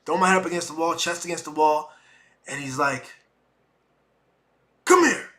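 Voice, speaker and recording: A man's voice: fairly high pitch, brisk. A middle-aged man, hosting a podcast and telling a personal story with emotion, acting out what people said. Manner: emotional, animated retelling with acted-out quotes. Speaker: podcast host.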